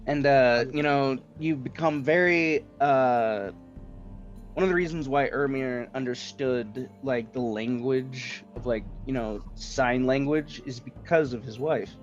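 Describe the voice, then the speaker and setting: A man's voice: mid-range voice, a little slow, muffled recording, soft background music. A man running a tabletop game as dungeon master, narrating loosely with lots of fillers and laughter.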